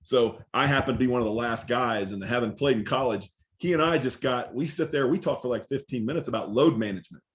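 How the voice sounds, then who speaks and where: A man's voice: medium pitch, fast talker, few pauses. Chatty man co-hosting a podcast. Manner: chatty, backchannels with short agreements. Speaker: podcast co-host. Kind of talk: casual chat.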